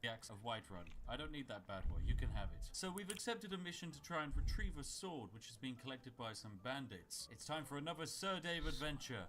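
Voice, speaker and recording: A British man narrates his gameplay in a dry, wry comic voice, dropping mock-grand asides as he plays. His voice sits at a medium pitch, and faint background noise runs underneath. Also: big pitch swings, fairly quick, hardly any pauses. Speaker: gaming YouTuber.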